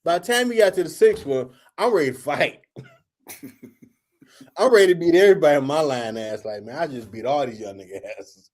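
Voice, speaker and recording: Animated, profane storytelling man. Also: on the high side, brisk. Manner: animated, profane, acts out quotes in raised voice. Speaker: host. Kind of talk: casual storytelling.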